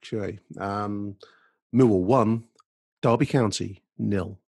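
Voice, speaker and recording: A man co-hosting a podcast, talking in a halting, rambling way with many restarts. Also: lowish voice, gravelly, a little mellow, no echo, clean studio sound. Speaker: podcast co-host. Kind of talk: casual chat.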